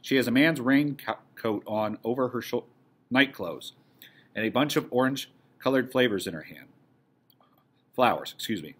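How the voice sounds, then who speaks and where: Husky teacher reading a play aloud. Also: male voice, mid-range voice, normal speed, long pauses, a bit bright.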